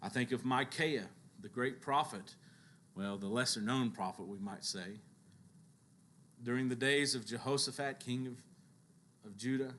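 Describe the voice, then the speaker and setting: A man preaching a sermon who tells Bible stories with lively, acted-out quotes and occasional chuckles. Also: unhurried, pauses often, slight background noise. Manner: animated storytelling, acting out biblical quotes with shifts in pitch and loudness.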